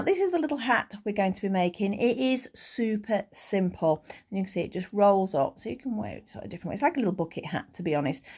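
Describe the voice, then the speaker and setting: A chatty, enthusiastic woman in middle age leads a casual crochet tutorial. Her voice is a touch hoarse and sits at a comfortable middle pitch. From United Kingdom. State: slightly hoarse.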